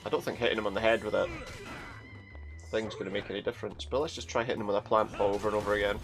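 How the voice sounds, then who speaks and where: A man's voice: fairly low pitch, flat delivery, very fast, fairly bright tone, soft background music. A man hosting a let's play, joking casually and reading game dialogue aloud. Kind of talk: casual gameplay commentary.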